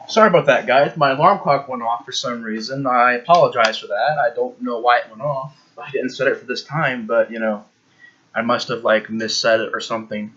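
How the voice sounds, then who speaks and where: A man's voice: medium pitch, steady tone, normal speed, a bit bright, husky, highs cut off. A man giving a casual, rambling movie review, emphatic and full of fillers.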